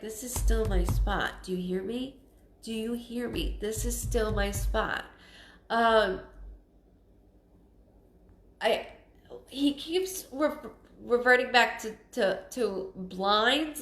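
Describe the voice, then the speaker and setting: A woman giving a live psychic reading, earnest and emotional, halting and often restarting her sentences. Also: on the high side, a bit bright, roomy sound. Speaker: psychic medium. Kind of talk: live-streamed spirit reading.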